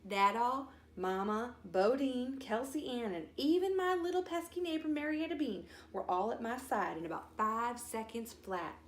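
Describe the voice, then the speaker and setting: A woman's voice: fairly high pitch, normal speed, hardly any pauses. Woman reading a folksy storybook aloud. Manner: folksy, expressive. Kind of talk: storybook read-aloud, first-person child narrator. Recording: roomy echo.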